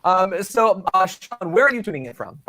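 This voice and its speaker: Chatty host. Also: male voice, sits high, normal speed, a little hiss or hum. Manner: relaxed, chatty, laughs easily. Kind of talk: live show hosting.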